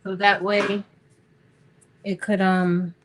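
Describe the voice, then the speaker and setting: A woman's voice: mid-range voice, level tone, slow, a little hiss or hum. A middle-aged woman hosting a crafting livestream, chatting casually with viewers while she works. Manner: chatty, storytelling, talks to viewers as y'all.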